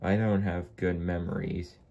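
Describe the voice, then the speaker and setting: A man's voice: low-pitched, flat delivery, dark tone, dull audio. A man voicing a forgetful, bumbling male toy diesel engine who speaks hesitantly. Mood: confused. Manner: slow, hesitant, unsure.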